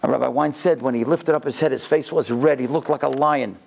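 A middle-aged man giving a speech to a yeshiva, telling a story with animated delivery. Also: fairly quick, vocal fry. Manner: animated storyteller, voice climbing high in retold dialogue. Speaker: guest speaker at a yeshiva.

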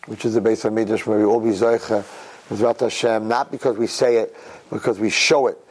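A man giving an inspirational religious talk on a recorded message. He tells a parable with lively swings between hushed and excited delivery. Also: fairly quick, slightly rough. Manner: animated storyteller, swings between low and excited. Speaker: Jewish religious speaker. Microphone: recorded tape message.

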